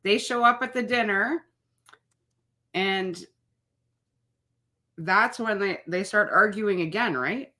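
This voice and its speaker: A woman's voice: medium pitch, slow pace, long pauses, pushed and bright. A woman co-hosting a live recap, laughing often and teasing her co-host in loose banter over a call mic. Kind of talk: casual chat, live show recap.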